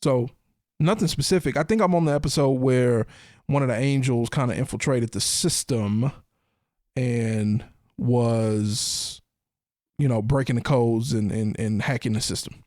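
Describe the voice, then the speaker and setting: A man's voice: medium pitch, measured pace, a little mellow, dry recording, studio quality. A man hosting a podcast in casual chat, laid-back and steering the talk. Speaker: podcast host.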